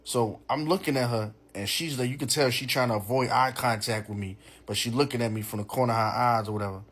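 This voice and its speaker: Man, young adult, husky voice, middle pitch, casual animated storytelling. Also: quick pace. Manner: animated, profane, full of "you know what I'm saying".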